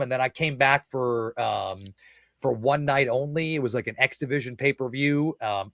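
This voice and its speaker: A man in his thirties, appearing as a podcast guest, tells an excitable wrestling story, swearing a lot and acting out the quotes. His voice is mid-range, with no room sound.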